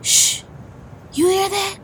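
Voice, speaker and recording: A woman playing a sassy, outspoken young adult with a drawling, expressive delivery. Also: slow pace, heavy background noise. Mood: playful. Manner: sassy and outspoken, swinging between drawl and high exclamations.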